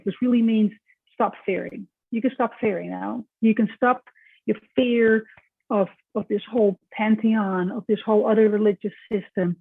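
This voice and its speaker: A woman's voice: medium pitch, fairly even intonation, normal speed, creaky, husky, no room sound. Woman lecturer, chatty and informal, dry tinny recording. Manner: conversational, with restarts and "right?" checks.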